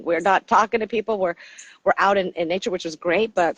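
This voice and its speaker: Lively storytelling woman in her fifties. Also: lowish voice, fairly quick, no echo, low-quality recording. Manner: lively storyteller who acts out quoted dialogue. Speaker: podcast guest, coach. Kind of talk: conversational interview storytelling.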